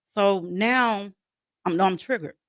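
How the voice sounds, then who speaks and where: A woman's voice: mid-range voice, slow pace, no echo. Earnest woman guest, dry close sound. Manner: earnest, repetitive, voices her own inner dialogue. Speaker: guest, grieving mother. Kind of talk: interview conversation.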